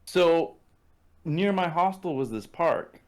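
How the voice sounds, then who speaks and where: A man's voice: on the high side, lively intonation, slow, a little mellow. A man from Canada, a podcast guest, telling stories in a casual, profane, laid-back way and acting out what people said. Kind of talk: casual storytelling.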